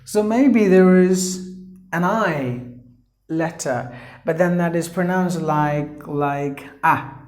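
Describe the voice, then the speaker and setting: A woman teaches pronunciation at an unhurried, careful pace, spelling out letters and repeating each word several times. Her voice is mellow and a little low. The room around her sounds echoey. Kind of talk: slow classroom-style pronunciation lesson.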